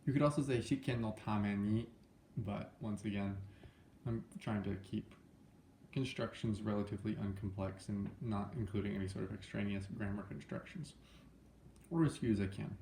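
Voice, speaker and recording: A young man teaching a language lesson in a loose, chatty way, full of fillers and quick self-corrections. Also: fairly low pitch, gravelly, a little mellow, a little hiss or hum. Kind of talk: casual spoken lesson. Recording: echoey room.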